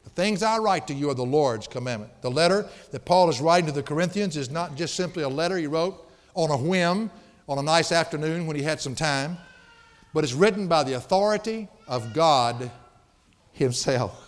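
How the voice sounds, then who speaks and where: High-voiced preacher in an echoing hall. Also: male voice, moderate pace. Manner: emphatic and folksy, with playful asides. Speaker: pastor. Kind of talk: sermon. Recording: long hall reverb.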